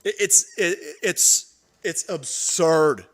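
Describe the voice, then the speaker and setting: A man's voice: on the high side, slow pace. A young man hosting a livestream, ranting profanely about politics and reading out viewer chat. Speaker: livestream host.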